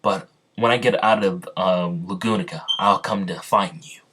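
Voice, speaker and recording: A gruff young male fighter who is confused and on edge, with a man reading him out. He speaks in a flat, halting way, his voice sitting a little low. This is a homemade story read aloud. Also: background noise, close to an everyday voice. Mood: earnest.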